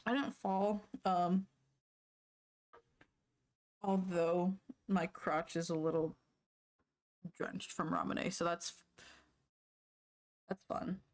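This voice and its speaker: A woman's voice: fairly low pitch, fairly even intonation, very slow, long pauses, a little mellow. Playful woman streamer chatting with viewers. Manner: playful, chatty, easily sidetracked, often laughing. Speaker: livestreamer. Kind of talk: casual chat with live viewers.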